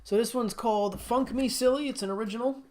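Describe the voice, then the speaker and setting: A middle-aged man hosts a guitar livestream, chatting casually and telling stories while laughing often. His voice is extremely high-pitched with a darkish tone, and he talks at a quick pace.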